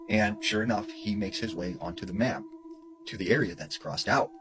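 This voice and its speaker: A man's voice: fairly low pitch, moderate pace, a bit bright, a little hiss or hum, low-quality recording. A man retelling a story in a casual, conversational way, with lots of "you know" and "like". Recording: music playing underneath.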